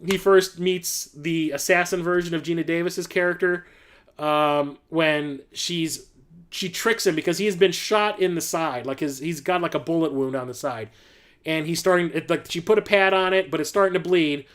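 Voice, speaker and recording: A man's voice: on the high side, moderate pace, fairly bright tone. A man hosting a casual livestream, rambling enthusiastically with lots of fillers and casual swearing. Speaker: livestream host showing his film collection.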